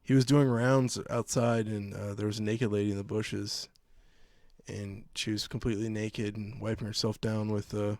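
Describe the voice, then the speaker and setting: A man co-hosting a casual podcast, telling stories in an animated way with a lot of swearing. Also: on the low side, moderate pace, dry recording, clean studio sound. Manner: profane, animated storyteller. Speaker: podcast co-host. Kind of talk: casual chat. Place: remote recording, like a video call.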